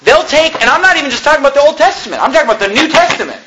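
Man, pastor, fiery sermon, bright forceful voice, faint background hiss. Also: extremely high pitch, very fast, rough recording. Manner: impassioned, animated preaching with mocking asides.

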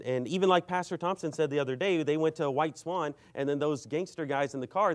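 A man preaching a sermon and telling a story, rambling and filling his speech with "you know". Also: mid-range voice.

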